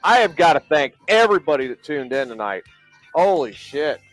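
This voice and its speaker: A man's voice: a little high, sing-song, moderate pace, faint music behind. A man co-hosting a podcast in loose, profane casual chat, laughing often. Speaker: podcast co-host.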